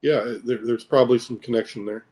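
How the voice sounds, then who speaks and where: A middle-aged man from the United States tells his story as an interview guest, pausing, repeating himself and filling gaps with ums. His voice is mellow and soft-edged, at an ordinary pitch. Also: steady tone. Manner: hesitant, repeats words, many fillers. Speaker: interview guest, military veteran. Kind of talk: casual recounting of personal experiences.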